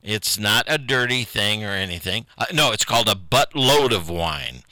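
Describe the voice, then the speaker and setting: A man's voice: on the low side, lively intonation, normal speed, bright, forceful tone, dry recording. An older man, hosting a local radio show alone in a folksy, rambling, self-deprecating way, often chuckling. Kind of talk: rambling solo radio chat.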